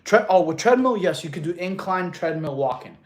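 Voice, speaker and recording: Guy in his 30s streaming, reading chat out loud, chill bro-ish fitness coach vibe, voice sits a bit high. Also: expressive, brisk. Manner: laid-back, reads chat aloud, calls people bro.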